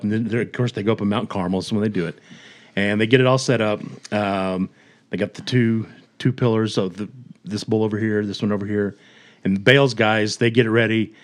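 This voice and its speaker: A man casually retelling a story on a podcast, animated, chuckling and acting out quotes. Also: fairly low pitch. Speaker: podcast host.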